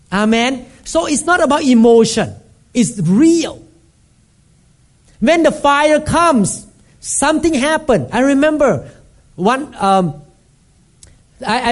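A man preaching a sermon as a pastor, emphatic and repetitive, acting out scenes with sudden shouts. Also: extremely high pitch, lively intonation, slow pace, pauses often. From Thailand.

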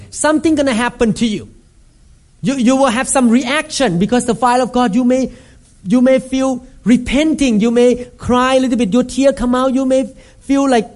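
A man preaching a sermon as a pastor, emphatic and repetitive, acting out scenes with sudden shouts. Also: extremely high pitch. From Thailand.

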